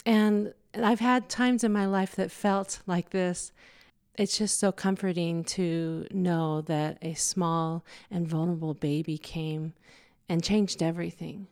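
A woman on a podcast sharing a gentle, thoughtful reflection on her favorite song. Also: fairly low pitch, fairly even intonation, slow. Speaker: podcast contributor.

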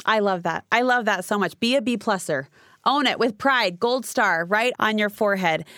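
A woman hosting an interview conversation, chatty and warmly affirming. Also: mid-range voice, normal speed, dry recording, clean studio sound. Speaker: podcast host.

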